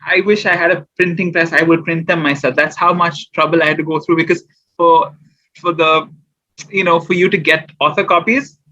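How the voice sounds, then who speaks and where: On an interview show, a guest poet who also runs a small business chats casually about getting his poetry published, rambling with fillers and restarts. His voice sits on the high side with fairly even intonation, moving at normal speed with a pushed, bright quality. The recording is muffled.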